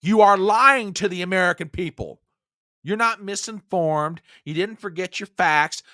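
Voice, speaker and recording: A man's voice: measured pace, no room sound, clean studio sound. A man hosting a political commentary show, ranting angrily and sarcastically. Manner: angry, sarcastic, swinging between low growl and shouting.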